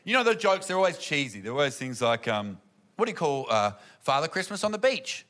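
A man doing stand-up, telling animated family stories and acting out the people in them. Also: a little high, brisk. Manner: animated, acts out family members in loud voices. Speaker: stand-up comedian. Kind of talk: stand-up storytelling. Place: comedy venue with audience.

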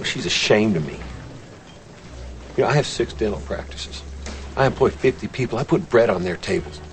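An anguished, gravelly married man. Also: on the low side, a little hiss or hum. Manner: soft, pleading, breaking into hushed confession. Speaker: married dentist confessing to his lover. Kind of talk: film drama acting.

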